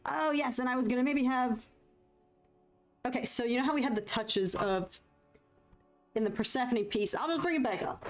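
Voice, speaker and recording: A woman's voice: on the high side, moderate pace, pauses often, soft background music. A woman chatting casually to her viewers while painting on a live stream, rambling and self-conscious, with lots of fillers.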